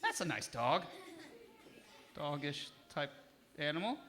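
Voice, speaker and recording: Guy teaching kids about music, high bouncy voice, real bright and punchy. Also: moderate pace. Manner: lively, encouraging, coaxing the audience to answer. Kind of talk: interactive music lesson for kids.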